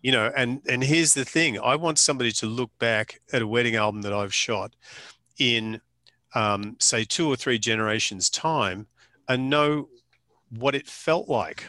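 Forceful Australian man spinning yarns. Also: medium pitch, a little slow, dry recording. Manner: colourful, anecdotal, with mild swearing and slang. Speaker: photographer. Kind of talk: storytelling interview chat.

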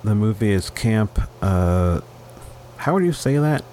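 A man with a low voice hosts a casual film podcast. He stumbles and restarts often, padding his talk with fillers, over a faint noise floor. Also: animated, mellow. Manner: halting, many restarts and fillers. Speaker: podcast host.

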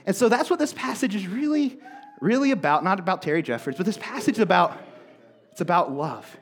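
A young man preaching a casual sermon, animated and chatty, full of asides. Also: sits high, fairly quick. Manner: animated, chatty, fills talk with "like". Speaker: pastor.

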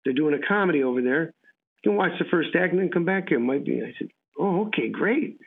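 A man's voice: fairly high pitch, fast, gravelly. A man, an actor being interviewed, telling rambling stories and acting out what people said. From United States. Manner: rambling storyteller, acts out dialogue. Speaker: actor guest. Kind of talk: casual anecdotal interview. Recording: tinny phone-like radio line.

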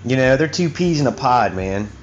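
A man's voice: mid-range voice, lively intonation, normal speed, a little hiss or hum. A man hosting his own talk show, ranting in a heated, profane, rambling way. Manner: profane, heated and rambling, with many "you know what I mean"s. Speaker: host. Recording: dull lo-fi recording with faint music.

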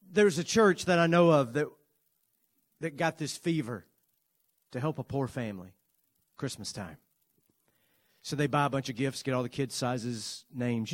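A pastor with a higher-pitched voice preaches earnestly to his congregation, swinging dramatically from loud emphasis to soft, hushed lines. He also slips in playful asides.

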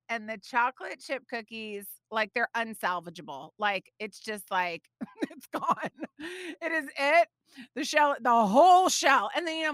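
Woman, thirties, podcast host, chatty, laughing, fairly high voice. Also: smooth, dry recording, studio quality. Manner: animated, chatty, frequent laughs; frequent fillers such as like and you know. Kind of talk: personal devotional storytelling.

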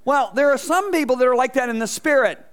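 A man preaching a lively sermon in a high, bright voice. He tells stories and acts out voices along the way, swinging from loud bursts to soft asides as he talks to the congregation. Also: fast talker, smooth. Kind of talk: energetic sermon with stage demonstration. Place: church stage before a congregation.

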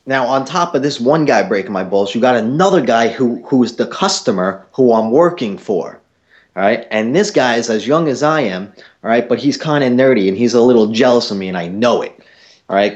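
A young man hosting a podcast, telling a story in a casual, animated way and swearing a lot. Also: medium pitch, fairly quick, highs cut off. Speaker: podcast host.

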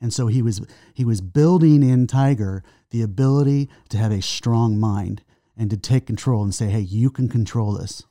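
A man's voice: on the low side, mellow, dry recording, studio quality. A man co-hosting a faith talk show, adding everyday illustrations and recapping the main points. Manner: recaps points and draws sports illustrations, quick asides. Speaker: co-host.

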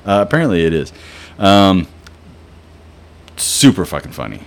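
A young man hosts a casual podcast, spinning rambling, profane stories packed with fillers. His voice is low, with big swings in pitch and a measured pace.

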